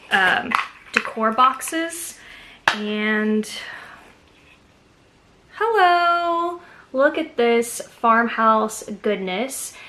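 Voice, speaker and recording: A woman's voice: a little high, bright, forceful tone, a little hiss or hum. A woman from Texas chatting casually to camera as a haul vlogger, gushing enthusiastically over each find.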